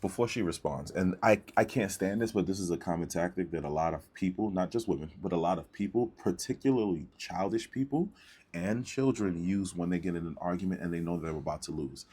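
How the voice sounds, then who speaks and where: A man with a very low, husky voice holds forth in a lecturing tone. He comments casually on a debate and keeps checking in with the listener between points. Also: fairly quick, a little mellow. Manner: lecturing, preachy, repeats "right?". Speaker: commentator reacting to a debate clip.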